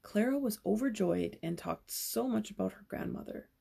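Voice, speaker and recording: A woman's voice: mid-range voice, animated, moderate pace, creaky, warm tone, husky. A young woman reading a children's novel aloud as a storyteller, with casual asides between passages.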